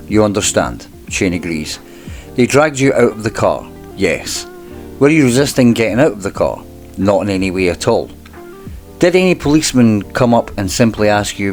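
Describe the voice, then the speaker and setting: A channel host with a fairly low voice reads a court transcript aloud at a measured pace, cutting in now and then with dry, wry asides.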